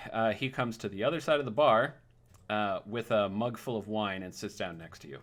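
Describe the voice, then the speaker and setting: A man's voice: lowish voice, moderate pace, fairly bright tone. A man narrating as game master of a tabletop game, casual and full of hesitant fillers.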